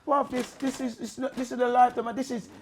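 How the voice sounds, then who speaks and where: Over a noisy crowd, a man from England speaks with an extremely high pitch and a flat delivery, fairly quickly. He's an MC guesting in a laid-back interview, using slangy street talk and repeating "you understand" again and again.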